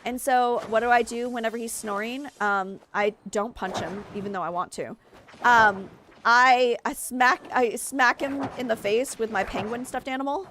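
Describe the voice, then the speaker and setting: A woman's voice: on the high side, moderate pace, a bit bright. Sleepy woman streaming a game, rambly chatty talk, lots of ums, bit of faint hiss behind. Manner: rambling and chatty, with frequent fillers. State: tired and sleep-deprived. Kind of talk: casual chat while streaming gameplay.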